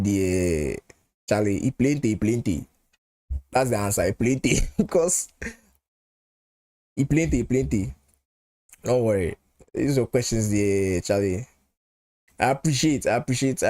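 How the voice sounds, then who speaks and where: A man's voice: mid-range voice, a little mellow. A man with a Nigerian accent hosting a live football watchalong. He chats casually, repeats his phrases and moves between pidgin and English. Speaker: football channel host. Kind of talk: live match watchalong chat.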